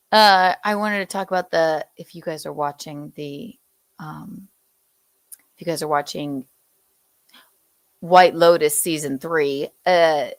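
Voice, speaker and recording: A woman from the American South takes her time through celebrity gossip, drawling out her words at an unhurried pace. Her manner is loose and chatty, and she laughs often. The sound is close and dry, with no room ring. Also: sits low, a bit bright, no room sound. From Southern United States. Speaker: podcast host. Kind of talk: casual pop-culture chat.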